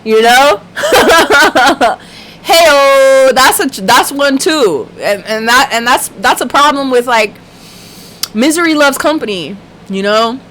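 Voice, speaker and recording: A woman's voice: a little high, animated, measured pace, sharp tone, rough recording. A young woman hosting a casual livestream chat, talking passionately with lots of swearing and frequent laughs. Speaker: livestream host.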